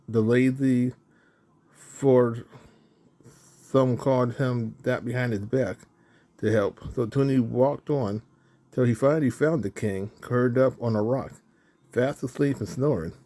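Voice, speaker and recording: A man's voice: mid-range voice, measured pace, dark tone. A man reading a children's animal story aloud, correcting himself now and then as he goes. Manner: self-correcting reading with restarts.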